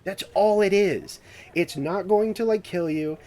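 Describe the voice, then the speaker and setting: A man's voice: sits high, a little slow, warm tone, voice pushed up. A man voicing a flustered adult male expert who insists earnestly. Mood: insistent.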